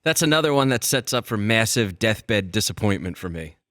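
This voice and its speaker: A man's voice: on the low side, animated, fairly quick, fairly bright tone, no room sound. A man who is a regular on a sports talk show, adding wry, joking asides in casual studio chat. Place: radio studio.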